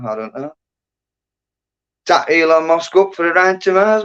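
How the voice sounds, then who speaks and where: A man's voice: on the high side, very animated, measured pace, pauses often, fairly bright tone, clean tone. A man, chatting casually and rambling on a livestream, often trailing off into mumbles. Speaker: livestream host. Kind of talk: casual chat. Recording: dull lo-fi stream audio.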